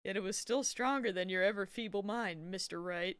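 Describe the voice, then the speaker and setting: A woman's voice: medium pitch, brisk, noisy background, pitched below the performer's own voice, close to an everyday voice. A woman voicing a cold, haughty young male prosecutor from a video game, reading his lines stiffly and condescendingly. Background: game music.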